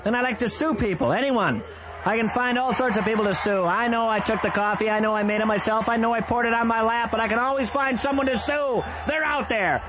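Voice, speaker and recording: A man hosting a late-night radio talk show, doing a rambling, mock-ranting comic ad read with sudden loud outbursts. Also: very high voice, a little fast. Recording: slightly dull AM radio broadcast with faint hiss.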